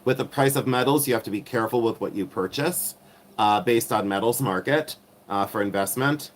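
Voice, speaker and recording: A man's voice: mid-range voice, a little fast. A middle-aged man hosting a casual live stream, rambling with many ums and turning sassy and catty when riled.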